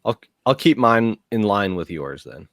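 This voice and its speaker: Slow, lively-pitched man in teasing banter. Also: vocal fry, no room sound, clean studio sound. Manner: teasing, mock-grumpy banter. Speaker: podcast co-host. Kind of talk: casual chat, telling dad jokes.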